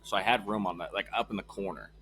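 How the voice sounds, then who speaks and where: A man's voice: low-pitched, fast, bright, forceful tone, slight background noise. A man co-hosting a podcast in casual chat, laid back, with frequent ums and casual swearing.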